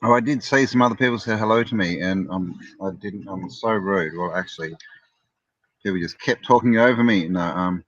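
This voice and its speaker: A man's voice: low-pitched, moderate pace, fairly bright tone, no echo, muffled recording. A man co-hosting a casual live-stream chat, joking around and greeting viewers. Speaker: co-host.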